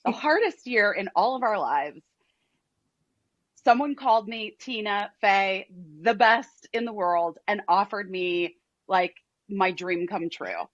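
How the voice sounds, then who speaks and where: Excitable woman guest, dull audio. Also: medium pitch, slow, no room sound. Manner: excitable, emotional. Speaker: actress, interview guest. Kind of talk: emotional casual chat.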